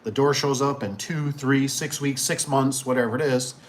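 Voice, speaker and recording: A man's voice: medium pitch, fairly even intonation, moderate pace, slight background noise. A middle-aged man who owns a garage door business, talking casually and rambling as he acts out customers. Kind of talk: casual shop talk.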